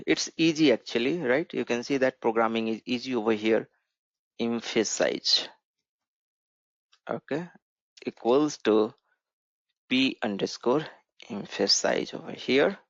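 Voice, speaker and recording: A creaky, medium-pitched man teaches programming over a screen share, explaining the code and often tagging on "right?". The recording is dry, from a dull, low-fidelity mic.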